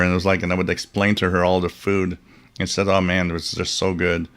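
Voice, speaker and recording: A man with a notably low voice talks loosely as the host of a live stream. He wanders through anecdotes with soft chuckles and fillers, then reads out comments from viewers. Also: little pitch movement, a little fast. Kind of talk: casual chat.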